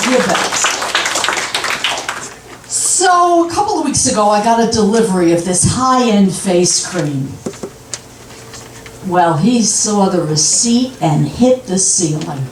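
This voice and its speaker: An older woman doing a stand-up comedy set, delivering punchlines in an unhurried deadpan way. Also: mid-range voice, slight background noise. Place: comedy club stage. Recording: echoey club from a distant mic.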